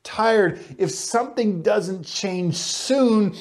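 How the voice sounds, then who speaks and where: High-voiced man preaching a sermon. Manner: earnest, swinging between slow emphatic phrases and quick asides. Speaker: pastor.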